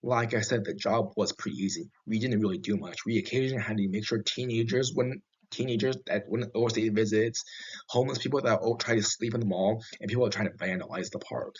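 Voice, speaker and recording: Recorded with dull, lo-fi sound, a man recounts horror stories from his own perspective. His slightly low, husky delivery is halting, full of fillers and sentences he backs up to begin again.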